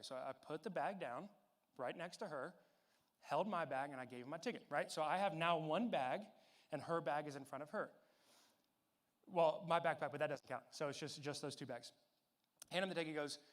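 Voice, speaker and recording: Young man, high voice, youth pastor, storytelling sermon, casual, animated, lots of fillers. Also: fast talker.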